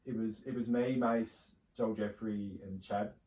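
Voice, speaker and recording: A man's voice: lowish voice, steady tone, a little slow, mellow, slight background noise. A young Australian man co-hosting a podcast, telling long rambling stories in casual chat, full of fillers and restarts. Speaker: podcast co-host. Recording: roomy, distant mic.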